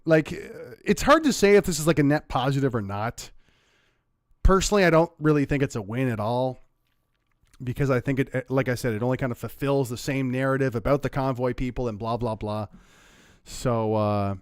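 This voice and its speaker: A man from Canada giving sarcastic, animated commentary while reacting to a news clip. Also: mid-range voice, fairly quick, dry recording, studio quality. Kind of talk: casual political commentary.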